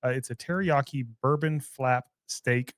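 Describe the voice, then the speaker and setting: An easygoing male podcast co-host with a mid-pitched voice, reading listener shout-outs and plugs. The sound is dry and close, on a studio mic. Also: a little slow, dry recording. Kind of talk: casual chat.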